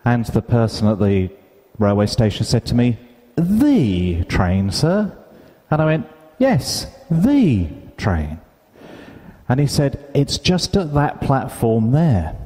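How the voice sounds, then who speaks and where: A man from the UK tells an anecdote at a conference and acts out each line of dialogue with relish. His voice is warm and mellow at an ordinary pitch. A long hall reverb trails after his words. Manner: animated storyteller, acts out quoted dialogue. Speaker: conference speaker. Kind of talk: storytelling keynote talk. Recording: hall reverb, live stage sound.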